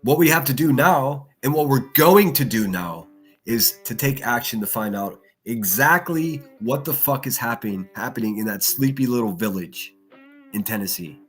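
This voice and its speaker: A man's voice: medium pitch, animated, normal speed, fairly bright tone, faint music behind. A man hosting a livestream, ranting angrily with lots of swearing and repeated phrases. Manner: heated, profane, repeats himself. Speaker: livestream host. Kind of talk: angry ranting commentary.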